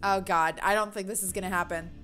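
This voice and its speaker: A woman's voice: medium pitch, fairly even intonation, fast talker, fairly bright tone, faint music behind. A woman giving chatty, giggly let's play commentary and reading game text aloud. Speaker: game streamer.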